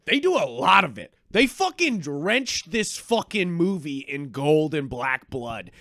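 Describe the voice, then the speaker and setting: A man co-hosting a podcast, chatting casually about a film, animated and swearing freely as he acts out reactions. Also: on the high side, unhurried, dry recording, clean studio sound. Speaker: podcast co-host. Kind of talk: casual movie review chat.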